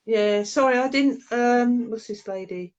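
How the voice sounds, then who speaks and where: A woman's voice: fairly high pitch, measured pace, a little mellow, highs cut off. A woman hosting a casual live video as a medium, chatting, laughing and reading out viewers' comments. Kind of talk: casual live-stream chat.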